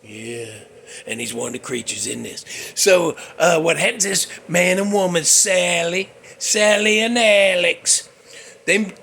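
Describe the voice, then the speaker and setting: A man with a high-sitting voice, vocal fry, and a sharp tone hosts a casual, rambling movie talk, with a little hiss or hum in the background. His manner is folksy, and he puts on voices for the characters.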